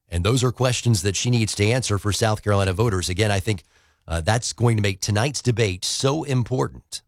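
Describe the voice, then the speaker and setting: A man's voice: fairly low pitch, fairly quick, dry recording, clean studio sound. A man hosting morning news radio, talking conversationally with small fillers.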